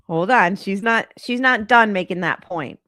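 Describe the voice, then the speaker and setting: A woman's voice: medium pitch, fairly bright tone, no echo, clean studio sound. Congested woman doing casual true crime chat. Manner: chatty and rambling, exasperated. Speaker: true crime channel host. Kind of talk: casual commentary on a live stream.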